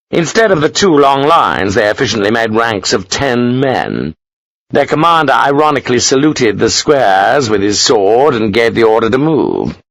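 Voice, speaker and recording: A man reading an audiobook in a measured, expressive narration. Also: medium pitch, no echo, poor audio. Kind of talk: scripted narration.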